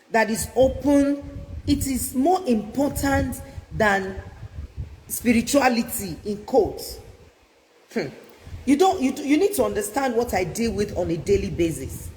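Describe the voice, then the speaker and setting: A woman's voice: on the high side, darkish tone, long reverb tail, a little hiss or hum, poor audio. A woman giving an emphatic, preacherly talk on parenting as a family therapist, pressing her points with rhetorical questions. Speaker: family therapist and inspirational speaker.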